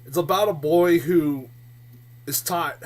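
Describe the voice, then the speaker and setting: A man giving a casual, rambling movie review vlog, swearing freely, laughing often and getting loud and worked up. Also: on the high side, slow pace.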